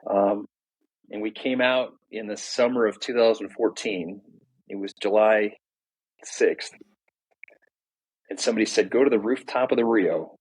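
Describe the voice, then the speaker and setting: A middle-aged man talks through his story with a low, slightly husky voice. He is candid and animated, explaining ideas in a relaxed conversational way as a podcast guest. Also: measured pace, pauses often, rough recording.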